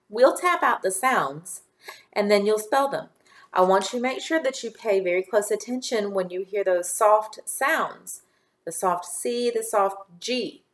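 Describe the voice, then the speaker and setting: Slow, patient woman teaching phonics. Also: medium pitch. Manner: slow, clear, patient instruction, sounding out words. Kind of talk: recorded phonics lesson for young children.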